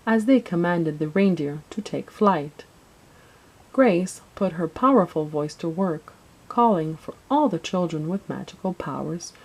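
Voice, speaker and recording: Low-voiced woman reading a storybook. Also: a little mellow, poor audio. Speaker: narrator.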